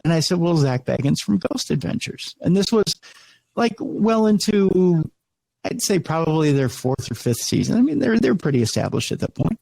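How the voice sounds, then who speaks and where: A middle-aged radio host talks in a loose, rambling way, often restarting his sentences and slipping into the voices of the people in his story. His voice sits a little high for a man, and the sound is close and dry. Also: normal speed, vocal fry, no echo, rough recording. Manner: animated, many restarts, acts out quoted voices. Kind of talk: casual interview storytelling.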